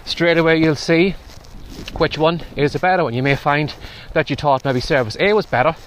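Walking outside through heavy wind and rain, this podcast host talks at a normal speed in a slightly high voice. He's chatty and advisory, a bit winded as he shares tips on his casual vlog.

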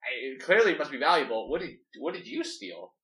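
A man voicing an eager, excitable young fish thief in a giddy rush. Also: on the high side, brisk. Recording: echoey room, mic at a distance.

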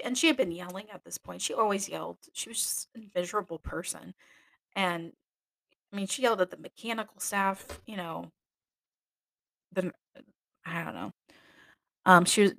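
A woman's voice: fairly low pitch, gravelly, pushed and bright. A woman who was once a nun hosts a podcast and tells a personal story in a candid, emotional way, often correcting herself mid-sentence. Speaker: podcast host and former nun.

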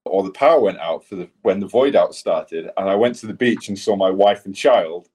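A man's voice: sits low, moderate pace, a little mellow, slightly rough. A man co-hosting a podcast, rambling through sweary stories in casual chat. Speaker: podcast co-host.

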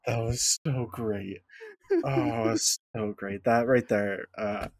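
A man's voice: on the low side, takes it slowly, no echo. A man co-hosting a casual podcast chat about a fantasy show, easygoing and thinking aloud with chuckles. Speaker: podcast co-host.

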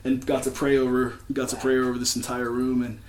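A man telling a personal faith story to a church crowd, earnest and often laughing, going quiet when emotional. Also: medium pitch, monotone, brisk, roomy sound, a little hiss or hum. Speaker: church speaker. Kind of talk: personal testimony.

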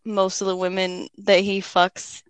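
A woman co-hosting a casual podcast, speaking in a wry, drawn-out way. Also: medium pitch, completely flat delivery, clean tone, no room sound. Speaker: podcast co-host.

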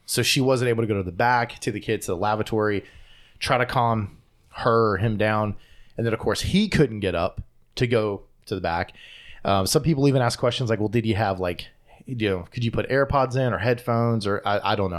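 A man's voice: fairly low pitch, a little fast. A man hosting a podcast, retelling a news story in casual chat and laughing often. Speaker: podcast host.

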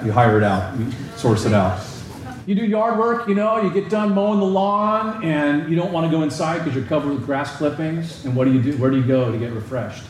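A man preaching a sermon as pastor, asking the congregation rhetorical questions and moving between emphatic raised lines and slow, low stresses. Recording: very echoey hall, faint background noise.

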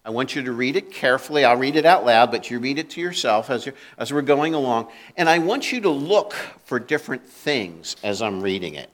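A man's voice: mid-range voice, animated, brisk, hardly any pauses, a bit bright. A male pastor preaching a conversational sermon, acting out the voices he quotes and often restarting and repeating his words.

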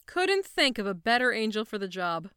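A woman's voice: medium pitch, big pitch swings, normal speed, fairly bright tone, clear, resonant tone, no room sound, clean studio sound. A woman voicing a cheery, overbearing male archangel boss in a podfic audio drama. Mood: breezy. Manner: breezy, hearty, pushy.

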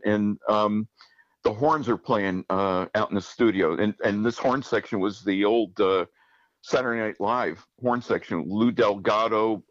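A man with a fairly low voice, recalling a story as an interview guest. He wanders through it with many fillers and pauses to search for names. His audio is flat and dry, with a dull, muffled edge. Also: dry recording. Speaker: guest, arranger and musician.

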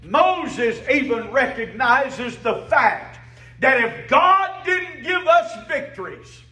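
A man's voice: extremely high pitch, animated, slow, sharp tone, breathy edge. A man preaching a sermon as a pastor, emphatic, with call-and-response to the congregation.

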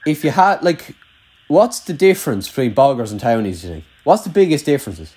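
Fast-talking young rural Irish man. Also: mid-range voice, very animated, a little mellow, slight background noise. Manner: chatty, rambling, heavy use of "like". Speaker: podcast host. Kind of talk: casual chat.

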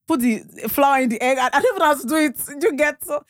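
Nigerian woman guest, young, animated storyteller, dry close sound. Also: high-pitched, quick pace, dry recording. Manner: animated, acts out dialogue, laughs often. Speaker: podcast guest. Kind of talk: casual storytelling chat.

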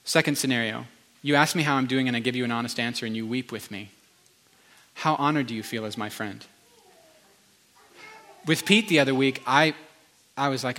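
A man's voice: medium pitch, normal speed, long pauses, sharp tone. A man preaching a sermon to a congregation in an earnest, emotional, conversational way. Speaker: pastor.

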